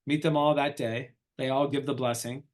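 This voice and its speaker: A man's voice: medium pitch, normal speed. A middle-aged man, an entrepreneur guest in an interview, telling a story casually and acting out the dialogue. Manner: animated storyteller, acts out quoted dialogue.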